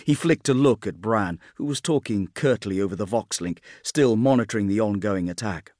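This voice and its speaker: A man's voice: lowish voice, lively intonation, normal speed, a little mellow, dry recording. Man narrating a war story, dry sound. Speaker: audiobook narrator. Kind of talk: scripted narration.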